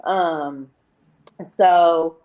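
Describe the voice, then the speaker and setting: A woman's voice: lowish voice, steady tone, drawn-out words, warm tone. A woman guest on an interview show, telling her personal recovery story in a candid, rambling way and often quoting herself.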